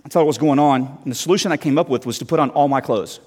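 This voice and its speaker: A man in his thirties, a guest preacher, telling a story in a sermon with lively, self-mocking restarts. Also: mid-range voice, racing. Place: church hall. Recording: long hall reverb.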